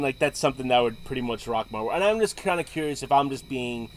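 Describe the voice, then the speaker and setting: A man's voice: mid-range voice, lively intonation, fast talker. A man in casual chat, rambling through stories and laughing often.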